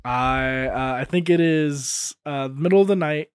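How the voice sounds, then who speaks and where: A man playing a tabletop game, describing what his character does in a relaxed, halting way with many fillers. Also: fairly high pitch, smooth, no echo, studio quality. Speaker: player.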